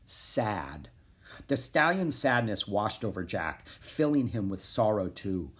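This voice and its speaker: A man narrating a children's chapter book in a calm, even reading voice. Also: on the low side, measured pace. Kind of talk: storybook narration.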